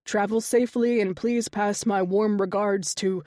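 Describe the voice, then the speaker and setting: A woman's voice: medium pitch, fairly even intonation, unhurried, mellow, no room sound, studio quality, natural voice. A woman voicing an anxious young male king-to-be who speaks formally and nervously in an audiobook. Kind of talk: audiobook character dialogue.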